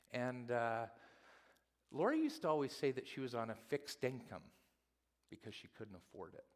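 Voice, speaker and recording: A male pastor preaching a sermon in a church, telling stories with animated delivery and acting out the people he quotes. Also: medium pitch, gravelly. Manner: animated storytelling, acts out quotes. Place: church sanctuary. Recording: long hall reverb in a church.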